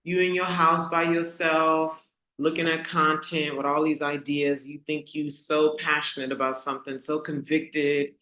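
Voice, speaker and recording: A woman hosting a casual motivational talk for her online community, asking rhetorical questions and repeating key lines slowly for emphasis. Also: low voice, flat delivery, sharp tone, echoey room. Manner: conversational, asks the audience rhetorical questions. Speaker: host.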